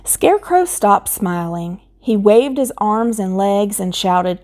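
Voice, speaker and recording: A woman reading a children's picture book aloud in a gentle, measured way. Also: medium pitch, animated. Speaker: storybook reader.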